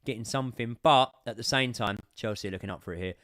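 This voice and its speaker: Sweary football fan streamer. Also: male voice, mid-range voice, fast talker, no echo, studio quality. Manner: sweary, swings from muttering to shouting. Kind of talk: live match watchalong commentary.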